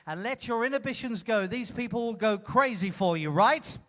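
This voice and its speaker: A man hosting a live comedy show, teasing an audience member in a playful, loud way. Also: high-pitched, animated, moderate pace, a little hiss or hum. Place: cruise ship theater stage.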